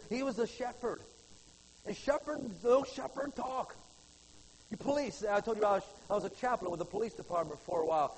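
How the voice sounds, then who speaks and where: Guy preaching in church, high voice that swoops all over, folksy, faint hum behind. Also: rough recording. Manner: folksy, animated preaching with big swings from loud to hushed. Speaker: pastor. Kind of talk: sermon.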